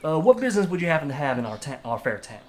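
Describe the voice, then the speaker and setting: A man's voice: fairly high pitch, big pitch swings, racing, darkish tone. A man voicing a tall, imposing lizardfolk man who speaks politely and formally.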